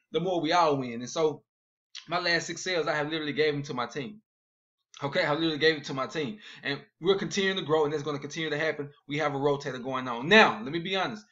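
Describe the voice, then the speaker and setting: Excited fast-talking man pitching to camera. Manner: fast, excited, repeats "all right?" after each point. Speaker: network marketing promoter. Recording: dull lo-fi video audio.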